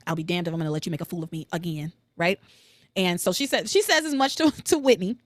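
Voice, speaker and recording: A woman hosting a solo podcast, recapping soap opera episodes in an animated, opinionated way, swearing freely. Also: fast talker, no echo. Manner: animated and opinionated, swears freely, quotes characters with jumps in pitch.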